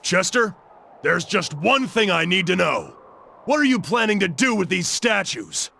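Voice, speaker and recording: A boisterous game brawler, loud and loyal, bright gravelly voice with lively swings. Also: male voice, sits high, unhurried, a little hiss or hum, full character voice. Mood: serious. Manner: loud, cheerful, hollering. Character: burly, boisterous young man, loyal companion. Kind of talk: video game voice acting.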